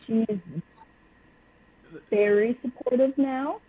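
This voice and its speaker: On a personal interview podcast, a young woman guest speaks bluntly and openly in a husky, fairly high voice, taking her time. Her audio is tinny, like a phone line.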